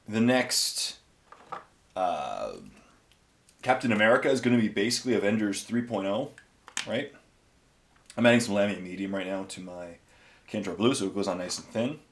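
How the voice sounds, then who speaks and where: Man, fairly low voice, casual rambling chat, painting tutorial host, lots of ums. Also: unhurried, pauses often, a bit bright, a little hiss or hum. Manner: rambling, chatty, many fillers. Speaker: hobby painting video host.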